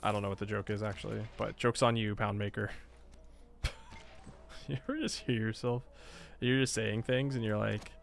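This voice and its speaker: A man's voice: on the low side, moderate pace, gravelly, long pauses, fairly bright tone, faint music behind. A man giving casual Let's Play commentary on a strategy game, chatty and self-mocking, often talking back at the game.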